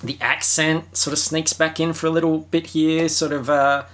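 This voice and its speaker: A man giving a casual, sarcastic and jokey film review, animated and chatty. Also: on the high side, normal speed.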